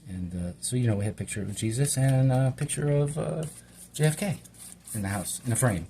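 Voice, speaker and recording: A man's voice: medium pitch, a little fast, gravelly, mellow, a little hiss or hum. A middle-aged man from Hawaii chatting in a meandering, casual way while cooking, talking to himself as he works. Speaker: home cook and channel host. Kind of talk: rambling casual cooking vlog.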